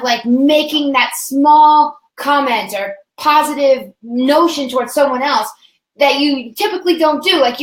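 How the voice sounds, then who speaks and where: High-voiced woman author, echoey room. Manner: upbeat, earnest, slangy. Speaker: guest author. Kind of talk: casual chat.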